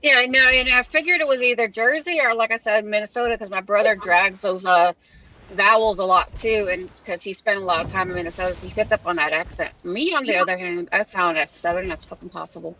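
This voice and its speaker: Bright voiced woman from georgia chatting frankly, mic kinda far away. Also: medium pitch, brisk, slight background noise. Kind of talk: casual voice chat.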